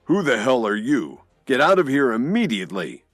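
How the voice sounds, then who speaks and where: A man voicing a fierce, furious hotel owner in an audio drama, shouting his lines. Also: low voice, sing-song, takes it slowly, dry recording, studio quality, faint music behind, heavily acted.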